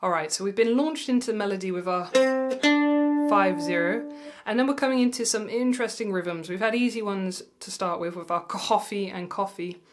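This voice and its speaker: A woman teaching mandolin, patient and reassuring, counting beats aloud slowly. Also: mid-range voice, faint music behind. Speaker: music tutor. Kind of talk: mandolin lesson. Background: mandolin playing.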